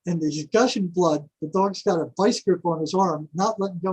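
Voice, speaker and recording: An older man, a podcast guest, telling stories in a casual, animated way, often repeating words and chuckling. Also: high-pitched, a little fast, few pauses, husky, low-quality recording. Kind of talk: casual storytelling.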